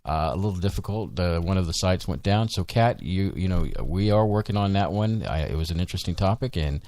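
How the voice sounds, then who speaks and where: A man's voice: low voice, brisk, darkish tone, dry recording. A man co-hosting a live show, chatting casually, rambling with many ums and restarts. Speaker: podcast co-host. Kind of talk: casual live-stream chat.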